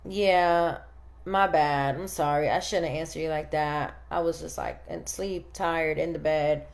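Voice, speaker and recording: A woman imitating her husband as a sleepy, apologetic man, lowering and mumbling her voice. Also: fairly even intonation, unhurried. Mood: sheepish.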